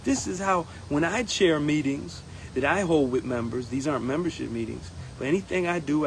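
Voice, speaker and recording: A man speaking in a casual campaign monologue as a union steward, animated and acting out others in quotes. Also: medium pitch, a little hiss or hum, low-quality recording. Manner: animated, acts out members' voices in quotes. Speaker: union steward running for president.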